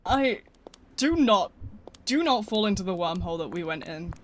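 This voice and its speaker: A young-sounding man with a notably high voice streams a game live, chattering casually and cursing freely as things go wrong. The recording has clear background noise with mouse and keyboard clicks under his voice. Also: moderate pace. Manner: casual, excitable, swears and laughs often while reading chat. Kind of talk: live gameplay commentary. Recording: noisy with mouse and key clicks.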